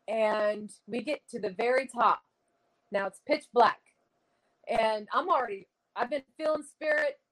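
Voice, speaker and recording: A middle-aged woman tells a ghost story in a slightly high voice. She is a medium, and she talks with earnest drama, stringing the tale together with "you know" and "like.". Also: low-quality recording. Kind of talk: conversational ghost story telling.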